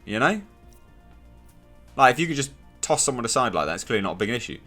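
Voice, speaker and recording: A man's voice: medium pitch, very animated, rapid-fire, pushed and bright. A young man reviewing a TV episode in a casual, sarcastic, exasperated way, with a faint music bed behind him. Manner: sarcastic, exasperated, mocking impressions. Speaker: TV show reviewer.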